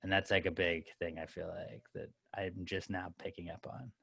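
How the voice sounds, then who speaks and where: A man from the United States co-hosting a sports podcast, rambling in an animated, self-mocking way and swearing. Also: sits low, normal speed, gravelly, slightly rough, no echo, clean studio sound. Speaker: podcast co-host. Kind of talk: casual chat.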